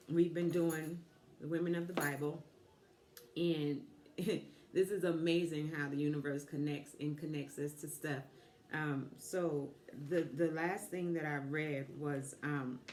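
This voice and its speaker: A woman in her fifties, a life coach giving a motivational talk, telling a personal story reflectively with pauses. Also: low-pitched, a little mellow. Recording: echoey room.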